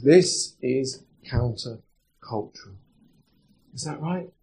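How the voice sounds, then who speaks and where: A man's voice: mid-range voice, animated, slow, vocal fry, warm tone, low-quality recording. A man preaching a sermon as pastor, chatty and putting questions to the congregation. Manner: conversational, asks the congregation questions.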